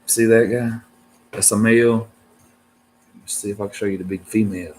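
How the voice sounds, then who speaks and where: A man's voice: on the low side, steady tone, normal speed, darkish tone, slight background noise. Laid-back man rambling about reptiles. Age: adult, married. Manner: laid-back, slangy, full of "dude" and "man", restarts. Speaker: reptile keeper vlogger. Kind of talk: casual rambling chat to viewers.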